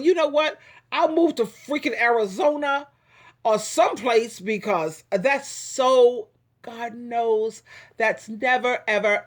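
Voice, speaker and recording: An older woman with a hoarse voice, talking emphatically in a casual vlog monologue and giving life advice. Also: on the high side. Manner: emphatic, animated, refers to herself in third person.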